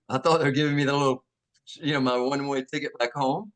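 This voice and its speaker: An older actor being interviewed, telling animated stories with many restarts and acting out the voices of people he quotes. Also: mid-range voice, fairly quick. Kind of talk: anecdotal storytelling.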